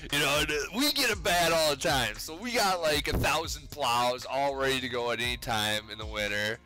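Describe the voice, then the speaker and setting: A man's voice: mid-range voice, bright, forceful tone. A man with a Minnesotan accent chatting casually while crafting rings in his garage workshop, laid-back and swearing often. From Minnesota, Twin Cities. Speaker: livestreamer making pipe rings.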